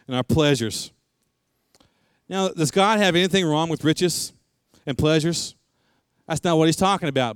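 Middle-aged guy preaching, smooth clear voice, dry close mic, says stuff twice for emphasis. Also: on the high side, dry recording. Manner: preachy, repeats lines for emphasis. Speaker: pastor. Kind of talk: sermon.

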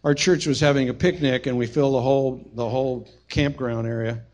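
A middle-aged man preaching a sermon as pastor, telling a personal story and swinging from hushed to shouting. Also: medium pitch, steady tone, brisk, dull audio.

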